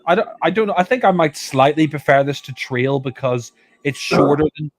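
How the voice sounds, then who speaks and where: A man's voice: on the high side, animated, a little fast. A man casually commentating on a film and often repeating himself as he hesitates. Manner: hesitant, stumbles and repeats words.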